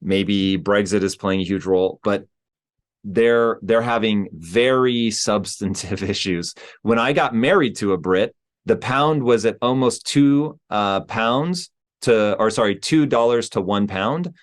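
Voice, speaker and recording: A man's voice: on the low side, measured pace. A man hosting an interview, asking earnest, probing questions in casual talk. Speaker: podcast host.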